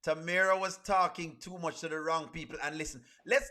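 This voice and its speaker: A man chats on a livestream, bright and forceful in tone. His voice sits a little high, and he is playful and laughs easily while reading out chat messages. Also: steady tone, fairly quick, hardly any pauses. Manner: playful, laughs often, reads chat aloud. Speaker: reaction streamer.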